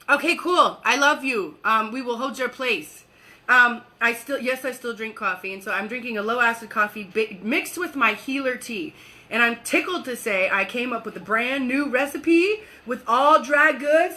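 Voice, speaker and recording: A wellness coach hosts a live workshop in a bright, forceful voice that sits a little high. She chats casually and laughs often, talking quickly when excited and slowing down to lead guided breathing.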